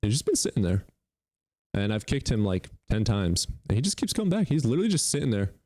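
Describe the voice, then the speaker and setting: Low-voiced, animated sarcastic man. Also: fast, no room sound. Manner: joking, sarcastic, swears casually. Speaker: livestream debate host. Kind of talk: casual live-stream chat.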